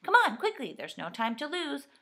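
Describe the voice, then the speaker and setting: A woman voicing an excitable, helpful male rabbit in a storybook reading, talking in an eager, hurried way. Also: high-pitched, pitched above the performer's own voice, full character voice. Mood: excited.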